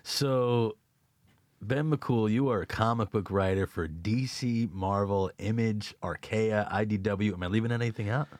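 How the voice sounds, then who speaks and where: A man's voice: fairly low pitch, unhurried, a little mellow, dry recording. A man hosting a casual podcast chat, playful and teasing, swearing freely. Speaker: podcast host.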